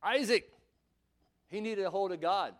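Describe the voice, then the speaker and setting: A man with a high voice preaches a sermon. He delivers it emphatically, piling up rhetorical questions and at times pushing toward a shout. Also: a little slow.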